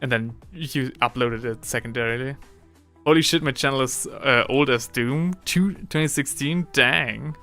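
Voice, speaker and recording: A young man chatting casually on a live stream, rambling with lots of fillers and slang, and getting excitable at times. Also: mid-range voice, normal speed, soft background music. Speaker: livestreaming miniature hobbyist.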